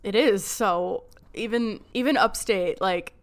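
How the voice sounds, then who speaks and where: A woman with a New Jersey accent co-hosting a casual podcast, upbeat and quick to agree and laugh. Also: medium pitch. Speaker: podcast co-host. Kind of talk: casual chat.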